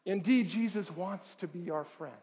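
A male pastor preaches from the pulpit and keeps asking his listeners questions. His voice sits high for a man. The sound is dull and lo-fi, and it rings out in a reverberant sanctuary. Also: moderate pace. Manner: preaching with rhetorical questions to the congregation. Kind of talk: sermon. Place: church sanctuary. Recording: dull livestream audio in a reverberant church.

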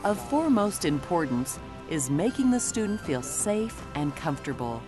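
A woman reading scripted documentary narration in a measured, explanatory way, recorded as a studio voice-over. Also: low voice, big pitch swings. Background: background music.

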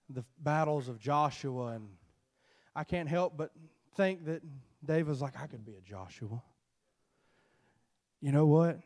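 A man preaching a sermon in an animated, storytelling way, acting out dialogue from the story. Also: on the high side.

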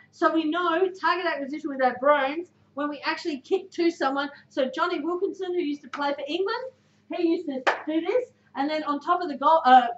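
An Australian woman giving a motivational talk to a sports club, direct and emphatic, often putting questions to her listeners. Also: high-pitched. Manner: direct, emphatic, quizzes the audience. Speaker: guest speaker. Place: club room before a team. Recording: echoey room, dull sound.

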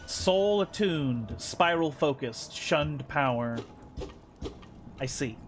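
A man's voice: a little high, animated, slow, soft background music. A man streaming a game live, thinking aloud, counting under his breath and swearing when annoyed. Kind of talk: live gaming commentary.

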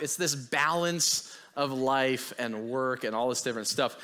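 A young man giving a casual, chatty sermon as a guest preacher, self-deprecating and quick to laugh. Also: medium pitch, pushed and bright, slight background noise.

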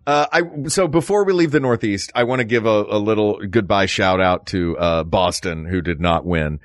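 A young man co-hosting a casual comedy podcast, chatting in an animated way with quick jokes and asides. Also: fairly low pitch, dry recording. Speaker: podcast co-host and actor.

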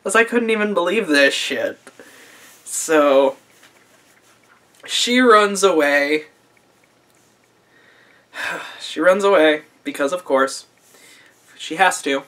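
A man's voice: on the high side, takes it slowly, pauses often, fairly bright tone. A man recapping an anime episode in a casual video review, sarcastic and profane, laughing often, recorded on a camera mic.

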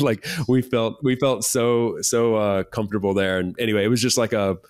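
Low, smooth-voiced man telling a story. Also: steady tone, a little fast, few pauses, a little mellow, no room sound, studio quality. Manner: rambling, with many fillers. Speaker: podcast host. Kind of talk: casual anecdote telling.

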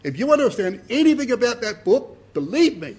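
A man's voice: very high voice, big pitch swings, quick pace, darkish tone, husky. An older man, giving an earnest, emphatic Bible sermon to a congregation and often repeating his words. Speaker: Bible speaker.

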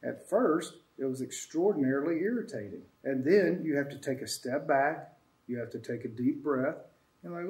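A man's voice: mid-range voice, animated, moderate pace, darkish tone, roomy sound. A man hosting a casual spiritual talk, rambling and reflective in an easygoing way. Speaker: host. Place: sanctuary room with friends.

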